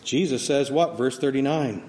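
A man giving a sermon as pastor, preaching dynamically and swinging from soft, slow words to loud emphasis. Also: mid-range voice, a little hiss or hum. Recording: long hall reverb, faint ambience.

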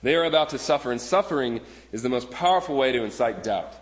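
A man's voice: mid-range voice, expressive, fast talker. Man preaching a sermon in a reverberant hall. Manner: earnest, conversational preaching with repeated restarts. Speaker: pastor. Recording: long reverb of a large hall.

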